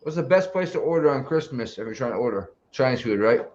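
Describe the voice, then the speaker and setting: A man's voice: mid-range voice, animated, fast talker, darkish tone, slight background noise. A man chatting casually on a live stream call, rambling with many fillers. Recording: dull lo-fi call with faint ambience.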